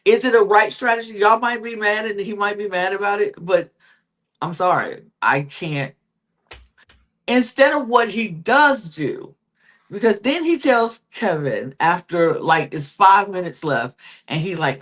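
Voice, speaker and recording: A woman's voice: medium pitch, measured pace. Emphatic young woman podcast co-host. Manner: expressive, emphatic storyteller. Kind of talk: casual reality-TV recap chat.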